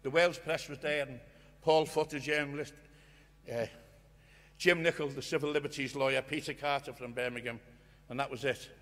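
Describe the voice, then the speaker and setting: An older man giving an impassioned storytelling speech at a union conference, earnest and swinging from hushed to loud. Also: medium pitch, fairly even intonation, moderate pace, pauses often. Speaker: guest speaker at a union conference. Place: conference hall. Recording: long reverb of a conference hall.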